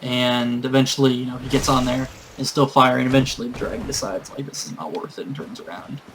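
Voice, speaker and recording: A man's voice: mid-range voice, quick pace, a bit bright, slight background noise, poor audio. Male gamer, casual rambling storyteller with lots of fillers and swearing. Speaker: gamer and tabletop game master. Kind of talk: casual storytelling while playing a game.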